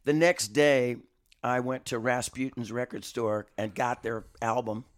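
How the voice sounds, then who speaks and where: A man's voice: mid-range voice, fairly even intonation, measured pace. A man in his sixties, a guest musician in a studio, telling stories in a rambling, self-mocking way with many restarts. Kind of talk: casual interview storytelling.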